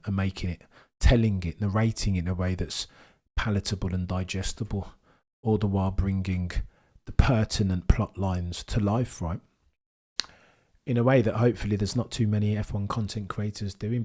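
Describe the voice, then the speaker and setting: A man hosting a live racing watchalong, talking in a verbose, animated way with mock commentator flourishes while reading chat. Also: lowish voice. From Britain. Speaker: F1 livestream host.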